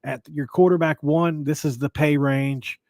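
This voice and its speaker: A man's voice: on the high side, fairly even intonation, a little slow, a little mellow, no echo. Rambling male sports podcast host. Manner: rambling, restarts, jokey asides. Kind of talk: casual sports podcast commentary.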